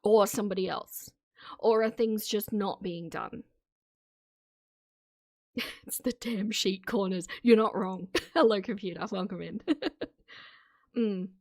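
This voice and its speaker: A woman's voice: medium pitch, slow, long pauses, darkish tone, no room sound, clean studio sound. A woman streamer giving casual, opinionated commentary to her live chat, laughing often between remarks. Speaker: streamer reacting to videos.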